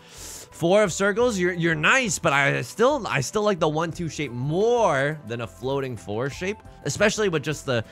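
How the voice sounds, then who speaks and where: A man casually commentates his own gameplay and jokes as he reasons through each move. His voice is bright and very lively, with wide pitch swings. Faint music plays underneath. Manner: excitable, jokey, thinking aloud. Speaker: let's play host.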